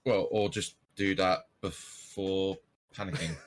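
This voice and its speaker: A man's voice: sits low, steady tone, takes it slowly, slight background noise. A man co-hosting a casual movie podcast, joking, swearing and laughing a lot. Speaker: podcast guest co-host.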